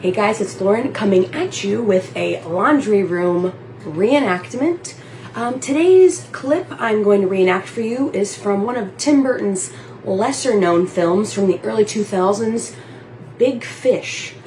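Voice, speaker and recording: A woman's voice: mid-range voice, lively intonation, measured pace, darkish tone, slight background noise, poor audio. A woman introducing her comedic video from a laundry room in a breezy, offhand way. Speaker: video contributor.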